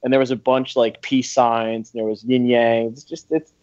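A man co-hosting a comedic podcast, lively and quick to laugh and joke. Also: medium pitch, no room sound. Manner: lively and laughing, jumps into jokey impressions. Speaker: podcast co-host. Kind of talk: casual comedic podcast chat. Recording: slightly dull lo-fi sound.

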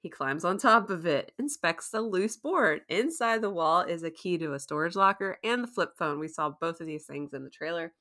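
A woman co-hosting a casual podcast, chatty and quick to laugh as she recaps a story. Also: lowish voice, expressive, bright, forceful tone. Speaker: podcast co-host recapping a TV episode. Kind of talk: casual chat.

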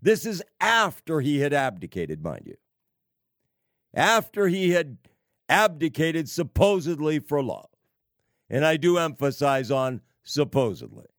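A man preaching on prophecy, slow and emphatic, with sarcastic asides and wry laughs. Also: fairly high pitch, very animated, fairly bright tone, dry recording, studio quality. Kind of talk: prophecy sermon.

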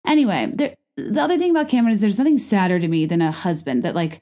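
A woman hosting a podcast in a casual, rambling chat, full of fillers and restarts, her pitch jumping up for emphasis. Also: quick pace. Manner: lively jumps in pitch for emphasis. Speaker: podcast host. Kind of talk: casual chat about reality TV.

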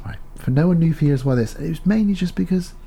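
Mellow-voiced podcast co-host. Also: male voice, on the high side, fast talker, creaky, breathy edge. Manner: joking, delivers trivia facts with mock outrage. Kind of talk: casual comedic chat.

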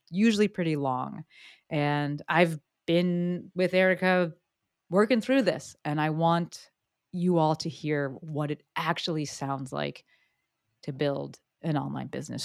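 Bubbly low-voiced woman podcast host. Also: dry recording, studio quality. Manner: bubbly, joking, fast asides. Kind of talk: energetic podcast interview.

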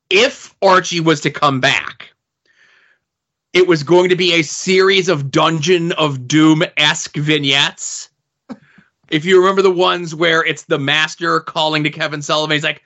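A man with a bright, forceful voice and a slightly high pitch tells a behind-the-scenes story in loose podcast chat. He teases his co-host and swears now and then. The sound is muffled and lo-fi. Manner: storytelling, swearing, playful teasing. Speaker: podcast co-host, show insider. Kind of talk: casual chat.

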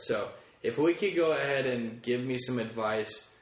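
A podcast host with a medium-pitched voice talks at a normal speed, rambling through a chatty, casual comedy monologue and swearing freely. The room he's in sounds echoey.

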